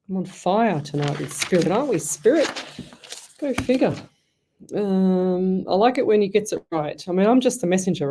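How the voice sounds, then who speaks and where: A woman's voice: fairly low pitch, warm tone. An Australian woman hosting a live psychic radio show, chatty and effusive, rambling through stories. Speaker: psychic medium radio host. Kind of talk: casual live radio chat.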